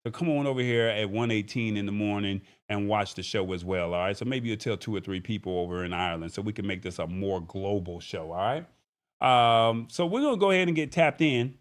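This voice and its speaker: A man's voice: lowish voice, a little fast. A man hosts a live tech show in a casual, chatty way. He talks to his viewers directly, with an easygoing, conversational flow. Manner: relaxed, chatty, thanks viewers by name. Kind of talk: casual livestream chat.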